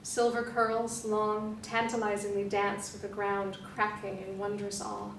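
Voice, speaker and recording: Woman reading slowly in an echoey room. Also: mid-range voice. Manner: slow, deliberate phrasing with pauses. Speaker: performer reading a novel excerpt. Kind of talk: dramatic literary reading. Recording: echoey room, distant mic, faint hum.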